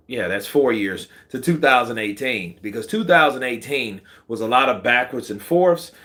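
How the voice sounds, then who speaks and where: A man hosting casual boxing commentary, slangy and animated, answering viewer comments. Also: medium pitch. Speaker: boxing channel host.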